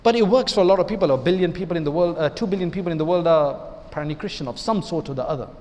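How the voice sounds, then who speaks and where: Racing through his words with a dark tone, a high-pitched imam lectures on Islam in a conversational style. Rhetorical questions to his listeners come again and again, and the large hall lends a long reverberation.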